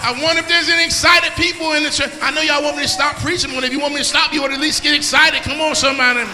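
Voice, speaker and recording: Preacher guy, real high voice, hollering and singing the lines, organ music going, long church echo. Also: fairly even intonation, very fast. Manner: call-and-response preaching, building to shouted, sung whooping. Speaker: pastor. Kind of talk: sermon. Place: church sanctuary. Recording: long hall reverb with music.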